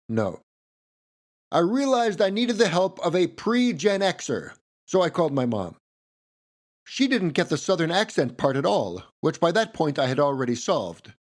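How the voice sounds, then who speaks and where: A man hosting a history podcast, reading a script in a playful way with wry asides. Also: a little high.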